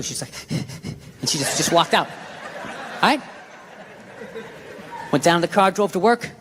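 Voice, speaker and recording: A man's voice: sits high, lively intonation, a little slow, a bit bright, a little hiss or hum. A man doing a stand-up comedy routine, telling a story as a profane, ranting storyteller. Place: theater stage before a live audience. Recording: echoey hall with crowd laughter.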